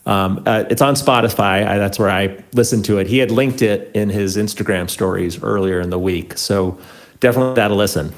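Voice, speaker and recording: A man co-hosting a podcast, talking through news in a relaxed, conversational way with ums and uhs. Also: on the low side, fairly quick. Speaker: podcast co-host. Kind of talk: casual news chat.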